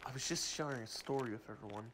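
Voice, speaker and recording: A man's voice: medium pitch, quick pace, fairly bright tone, slight background noise, lightly acted. A man voicing an angry office worker who was just fired, swearing and stumbling over his words. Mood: storytelling. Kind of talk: amateur game-video voice acting.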